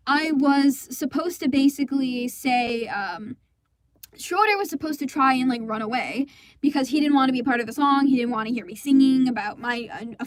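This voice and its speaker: A woman's voice: high voice, no echo, natural voice. A woman voicing an indignant teenage girl who rambles through a story, exasperated and swearing freely, for a fan comic dub. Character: indignant teenage girl recounting a school play disaster.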